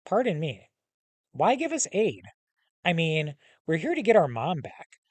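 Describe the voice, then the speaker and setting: A man's voice: sits high, darkish tone, dry recording, voice pushed up, full character voice. A man voicing a frightened teenage boy who pushes back with anxious, rising questions.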